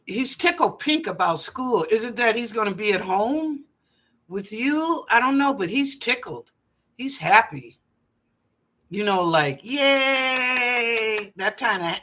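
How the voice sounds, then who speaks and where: Bright, animated woman psychic host. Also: medium pitch. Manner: animated and playful, drawing out phrases, chatty asides. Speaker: psychic reader and show host. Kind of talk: live online psychic readings for viewers. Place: apartment at home.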